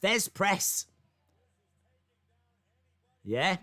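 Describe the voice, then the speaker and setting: A man's voice: sits high, slow pace, long pauses, a bit bright. A young man hosting a live wrestling watch-along, calling the action and reading chat comments aloud. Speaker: wrestling stream host.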